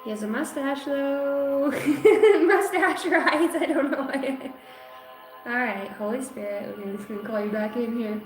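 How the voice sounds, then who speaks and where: A tarot and oracle card reader in her thirties hosts a casual livestream, greeting viewers with playful, profane banter in a fairly high, steady voice at a moderate pace. Her room echoes, and faint music plays behind her.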